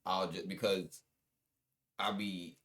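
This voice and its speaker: Young male interview guest, very deep voice, casual slangy storyteller. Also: little pitch movement, slow pace, a bit bright. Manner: loose, slangy storytelling with many restarts. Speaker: guest musician.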